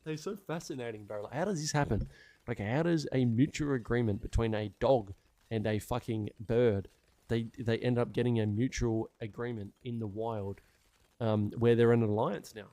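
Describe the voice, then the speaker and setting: A young male streamer rambles casually while he plays, swearing freely and marveling out loud. His voice sits at a middling pitch and is dry and close on a desk mic. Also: normal speed, no room sound. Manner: rambling, sweary, animated wonder. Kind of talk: casual chat while gaming.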